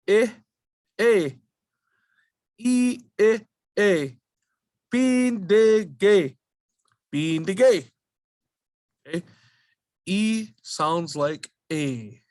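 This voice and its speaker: Guy slowly drilling vowel sounds, repeats every word, dry close sound. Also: high-pitched, no room sound. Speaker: language teacher. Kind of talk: slow spoken language lesson.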